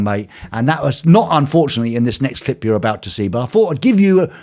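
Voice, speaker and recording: An older man tells a story from his home, hosting his own live stream. His pitch moves widely as he acts out the voices of the people in it. He sits at a middle pitch and talks in a lively, animated way. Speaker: host.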